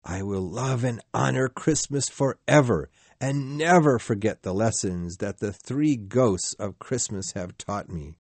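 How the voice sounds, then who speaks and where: A man's voice: medium pitch, unhurried, few pauses, a little mellow, no echo. A man reading a storybook and voicing a frightened old miser who begs and cries out. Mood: earnest. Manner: pleading, rising to anguished cries.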